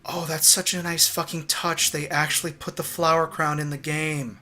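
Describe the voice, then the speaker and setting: Excitable young man streaming a game. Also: a little high, moderate pace. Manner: excitable, profane, rambling. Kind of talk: let's play commentary.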